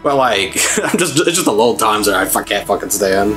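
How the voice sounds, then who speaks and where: A man's voice: on the low side, animated, fast, over music, low-quality recording. Laughing man riffing on a game. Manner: laughing, rambling, swears freely. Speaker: let's play host. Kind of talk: casual gaming commentary.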